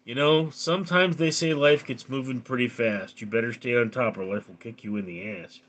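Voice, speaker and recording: A man's voice: mid-range voice, moderate pace, a bit bright. A man with a round, resonant voice, chatting casually on a live stream as he reads viewer comments aloud and answers them.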